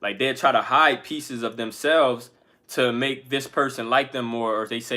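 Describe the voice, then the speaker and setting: A man's voice: mid-range voice, steady tone, moderate pace, pushed and bright. A man who makes music, talking candidly to his viewers in slangy, profane everyday speech. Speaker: music artist and channel host. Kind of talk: casual motivational talk to camera.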